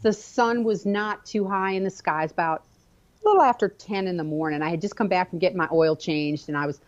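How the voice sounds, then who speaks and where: A woman guest telling a personal story in an animated, expressive way during a conversation. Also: on the low side, brisk, dull audio.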